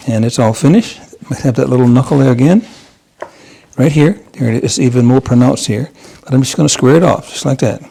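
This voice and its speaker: Brief: male cooking host in his home kitchen, gravelly and mellow, loose rambling delivery full of "guys" and asides. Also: mid-range voice. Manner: chatty, rambling, addresses viewers as guys, self-deprecating asides. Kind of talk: casual cooking demonstration.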